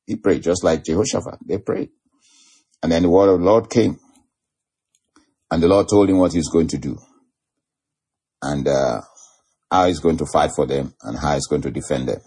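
A man's voice: extremely low pitch, normal speed, long pauses, mellow, breathy edge. A man preaching a sermon, laughing often and drawing out key phrases for emphasis.

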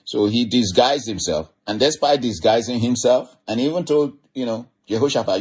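A man's voice: mid-range voice, moderate pace, darkish tone, breathy edge. A man giving an informal sermon, retelling a Bible story in a rambling, conversational way full of "you know". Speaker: preacher.

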